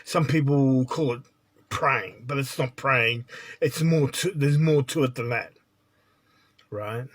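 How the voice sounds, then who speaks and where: A man's voice: medium pitch, slow, pauses often, fairly bright tone. A man giving a spiritual monologue as a teacher, blunt and lecturing, often checking in with "right?".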